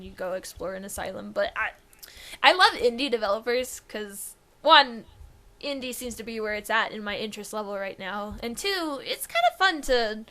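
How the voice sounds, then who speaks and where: A woman's voice: mid-range voice, bright, forceful tone. A woman co-hosting a casual gaming podcast, chatting and laughing often. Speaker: podcast co-host. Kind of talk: casual chat.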